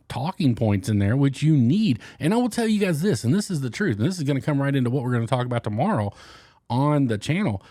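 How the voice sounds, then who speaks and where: A man's voice: a little high, mellow, no room sound, studio quality. A man hosting a fishing channel, chatting casually and candidly to camera in a rambling, joking way.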